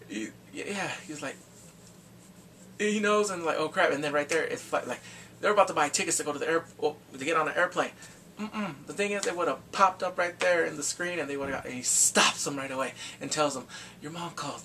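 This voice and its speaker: A man recapping a TV drama in casual talk, acting out the characters' lines in quick animated bursts. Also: on the high side, recorded from a distance, a little hiss or hum. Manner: animated, acts out quotes from the show in quick bursts. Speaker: drama reviewer.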